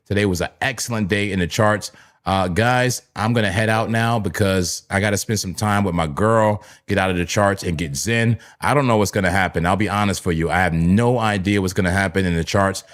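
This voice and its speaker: Man from New Jersey, lowish voice, hyped and chatty livestream host who repeats his calls to viewers. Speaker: livestream crypto trading host. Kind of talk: casual live-stream commentary.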